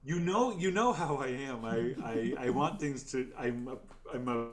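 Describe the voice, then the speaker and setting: A man's voice: medium pitch, expressive, unhurried, a loud crowd. A man chatting as a guest, rambling and hesitant, affectionate toward the hosts. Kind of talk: casual chat.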